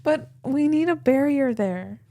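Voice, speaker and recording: A woman's voice: high voice, expressive, unhurried, warm tone, dry recording. A woman co-hosting a podcast in casual chat, laughing often. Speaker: podcast co-host.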